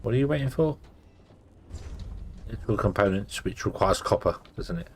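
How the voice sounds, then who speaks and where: A man's voice: fairly low pitch, lively intonation, a little fast, slight background noise. Sleepy man narrating gameplay. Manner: rambling, thinking aloud with many fillers. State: sleepy, yawning. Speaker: gameplay streamer. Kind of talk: casual gameplay commentary.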